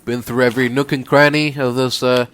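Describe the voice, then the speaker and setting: A man casually commenting on a game he is playing, relaxed and rambling. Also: medium pitch, a little fast. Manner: relaxed, rambling with fillers and restarts. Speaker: let's play host.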